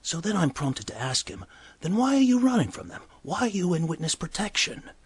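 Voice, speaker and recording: A man's voice: medium pitch, big pitch swings, moderate pace, breathy edge, no room sound, heavily acted. A man doing a gossipy bartender. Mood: gossipy storytelling. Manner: exclaims loudly, then drops to hushed asides. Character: chatty male bartender telling a bar story. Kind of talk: comedic character monologue.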